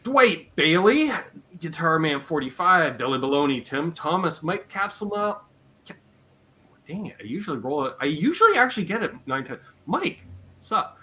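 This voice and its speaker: A man's voice: on the high side, sing-song, normal speed, bright, forceful tone. A Canadian man hosting a live podcast, joking around and reading out viewer names. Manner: playful, jokey, rattling through a list. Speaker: podcast host.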